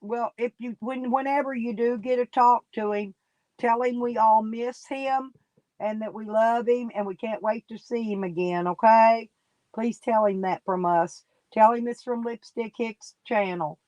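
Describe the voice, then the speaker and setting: A woman's voice: a little high, fairly even intonation, unhurried, darkish tone, no room sound, dull audio. A woman, sniffly and coughing, chatting casually and folksily with viewers on a live stream. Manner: folksy, rambling, talks straight to chat by name.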